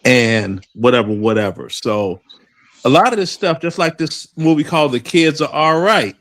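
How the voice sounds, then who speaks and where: A man's voice: on the high side, normal speed, no room sound. A man hosting a casual group conversation, telling stories and acting out the voices of the people in them. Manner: animated storytelling, acts out quoted voices.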